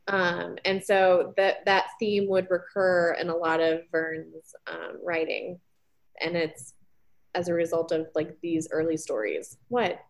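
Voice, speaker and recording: A young woman with a fairly low, creaky voice speaks unhurriedly. A former teacher co-hosting a podcast, she chats casually while retelling research, full of ums and likes and frequent giggles.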